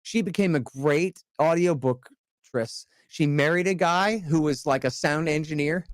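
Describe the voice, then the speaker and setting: A man in casual podcast chat as a guest author, talking in an animated, emphatic way with casual swearing. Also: on the high side, moderate pace, no echo, studio quality.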